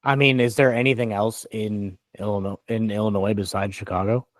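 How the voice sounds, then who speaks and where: A man's voice: fairly low pitch, fairly even intonation, a little fast, no echo. A young man co-hosting a casual sports talk show, trading jokes and teasing banter. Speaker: podcast co-host.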